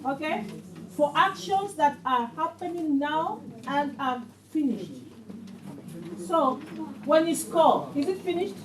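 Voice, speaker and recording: A woman's voice: high voice, animated, slow, echoey room, far from the mic, a crowd in the background, rough recording. A woman teaching a beginner English class, patient and questioning, repeating phrases so her learners catch them.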